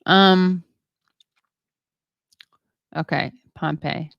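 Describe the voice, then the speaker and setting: Woman host, low voice, rambling chatty stream talk, dry close sound. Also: steady tone, gravelly, dry recording, highs cut off. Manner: rambling, halting, many fillers; self-deprecating, chatty. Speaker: show host. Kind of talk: casual livestream chat reading viewer comments.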